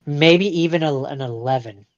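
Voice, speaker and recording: A man's voice: fairly high pitch, normal speed, muffled recording, a crowd in the background. A man from western Canada co-hosting a podcast, chatting casually with dry, wry asides. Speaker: podcast co-host.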